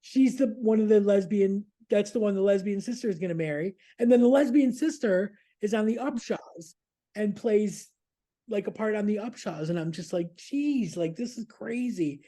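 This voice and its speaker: A man's voice: high voice, moderate pace, dark tone. A man chatting casually as a podcast's regular news contributor, rambling, laughing and swearing freely.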